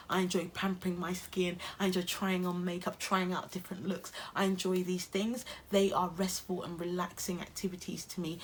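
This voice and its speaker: A woman's voice: fairly low pitch, slight background noise. A young adult woman with an English accent, talking earnestly and encouragingly to camera in a self-care vlog. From England. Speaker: YouTuber.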